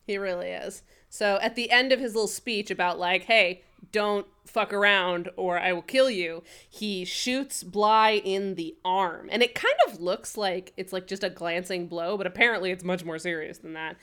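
A woman's voice: medium pitch, normal speed, few pauses, fairly bright tone, smooth. A woman co-hosting a podcast, casually recapping a TV episode in a rambling way with lots of fillers. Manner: rambling, filler-heavy recap with frequent laughs. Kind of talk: casual chat.

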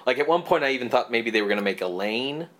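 A man's voice: mid-range voice, expressive, fast, fairly bright tone. A man co-hosting a casual movie podcast, talking in rambling stretches full of fillers and restarts. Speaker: podcast co-host. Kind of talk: casual movie review chat.

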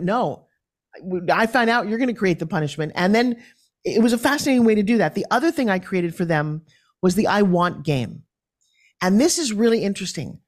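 A woman's voice: medium pitch, animated, a little fast. A middle-aged woman, a podcast guest, telling parenting stories and acting out the voices of her children and others. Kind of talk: conversational storytelling.

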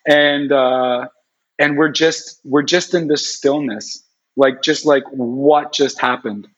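A man telling a long personal story in an animated, rambling way, full of "like" fillers. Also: mid-range voice, takes it slowly, breathy edge. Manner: rambling, heavy use of "like" fillers. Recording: dull lo-fi recording.

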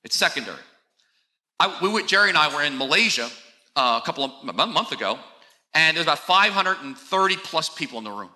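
Bright-voiced preacher man in an echoey hall. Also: fairly high pitch, animated, fairly quick. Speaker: pastor. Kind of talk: sermon. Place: large church hall.

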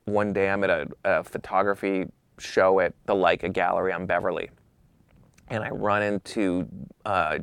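A middle-aged man, a photographer, telling a lively anecdote in conversation and shifting his voice when he quotes people. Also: moderate pace, vocal fry, clean tone, no room sound. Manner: lively, swings pitch when quoting people. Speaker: photographer guest.

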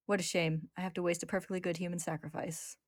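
A woman voicing a cruel, seductive female homunculus who speaks slowly and calmly in a menacing tone. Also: fairly low pitch, no echo, studio quality, lightly acted. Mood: cold, mocking.

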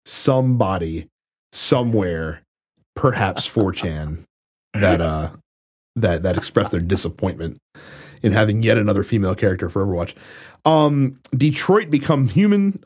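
Lively man chatting on a gaming podcast. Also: on the low side. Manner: lively, laughing, loose banter. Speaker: podcast co-host. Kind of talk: casual gaming podcast chat.

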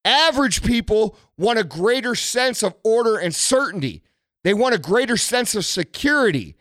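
A man with a high voice delivers a blunt motivational rant, cursing freely as he drives his points home. The sound is dry and close, with no room around him. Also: very animated, normal speed, fairly bright tone, dry recording. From United States. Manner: blunt, aggressive, heavy swearing. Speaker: motivational speaker.

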